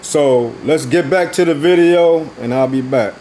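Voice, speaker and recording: A man comments on a clip in a casual, laid-back way and fills his talk with fillers. His voice is a little higher than most men's, and faint noise sits under it. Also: unhurried, mellow, low-quality recording. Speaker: host of a reaction video.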